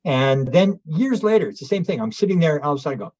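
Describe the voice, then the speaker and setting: A man, a guest telling a rambling story fast, acting out the other speakers and restarting often. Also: a little high, big pitch swings, darkish tone, no room sound. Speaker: guest, UFO researcher. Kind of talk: animated anecdotal storytelling. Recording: dull lo-fi audio.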